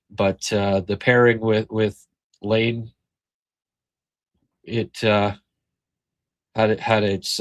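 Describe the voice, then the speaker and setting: A middle-aged man with an Ottawa Valley accent hosting a casual hockey podcast, speaking haltingly with frequent pauses and fillers. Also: fairly low pitch, no room sound. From Ottawa Valley, Canada. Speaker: podcast host. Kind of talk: casual post-game hockey chat, reading viewer comments.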